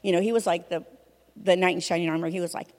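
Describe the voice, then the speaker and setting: A woman from a church sharing her testimony in a conversational, expressive way, often saying "you know". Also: lowish voice, fast talker. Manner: fills speech with "you know", vivid and expressive. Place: church hall. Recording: reverberant hall.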